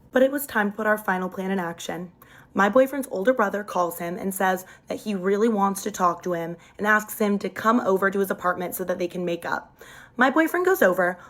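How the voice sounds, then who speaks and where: Young woman, casual storyteller, phone mic, lively delivery with pitch jumps. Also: fairly quick.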